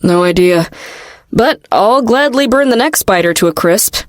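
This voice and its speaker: A teasing, fearless young adventurer woman from a storybook, pitched lower than the narration and delivered with a dry, easygoing wryness, as a woman narrator puts her on. The recording is close and dry. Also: normal speed, dry recording, natural voice. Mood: wry. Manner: low, relaxed and wry. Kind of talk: audiobook character voice.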